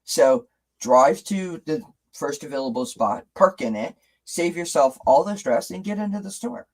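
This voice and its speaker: Chatting casually with his live stream audience, this host reads out comments, asks rhetorical questions, and often starts sentences over. He has a fairly high, lively voice and speaks a little slowly, over poor audio.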